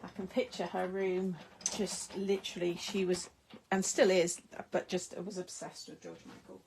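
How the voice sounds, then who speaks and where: A woman's voice: fairly low pitch, little pitch movement, moderate pace, darkish tone, slight background noise. A middle-aged woman hosting a craft live stream, chatting casually with viewers, rambling with frequent laughs and trailing sentences. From United Kingdom. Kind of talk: casual chat while crafting, replying to viewer comments.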